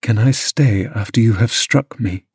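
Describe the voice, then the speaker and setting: A man reading an audiobook, voicing a meek young gentleman who speaks in a subdued, hurt way. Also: on the low side, unhurried, slightly rough, no room sound, clean studio sound, exaggerated voice.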